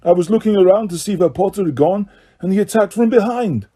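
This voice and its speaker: A man voicing a dazed young foreign male athlete who mutters haltingly. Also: high voice, dark tone, breathy edge, pitched above the performer's own voice.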